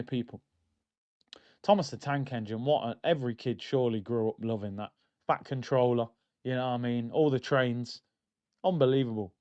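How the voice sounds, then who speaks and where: A man's voice: mid-range voice, darkish tone. A man, a football channel host reading a press conference aloud and breaking in with sarcastic, mocking remarks. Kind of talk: casual reaction commentary reading a press conference. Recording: dull lo-fi audio.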